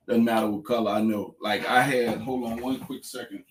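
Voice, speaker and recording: A man, casually telling viewers a fishing story, repeating phrases and getting excited. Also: mid-range voice, fairly quick, hardly any pauses, noisy background. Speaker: fishing vlogger.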